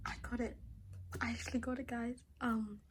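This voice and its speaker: Young woman, excitable unboxing vlogger. Gushes and swings from loud bursts to whispers. Faint noise behind her. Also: on the high side, moderate pace, poor audio. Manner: gushing, excitable, drifts between loud outbursts and whispers. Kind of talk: casual unboxing haul.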